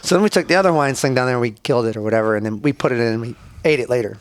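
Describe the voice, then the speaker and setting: A man's voice: mid-range voice, very fast. A young man telling war stories as a podcast guest, swearing freely, laughing often and acting out voices as he goes. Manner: profane, laughing, acts out voices in his stories. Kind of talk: casual storytelling.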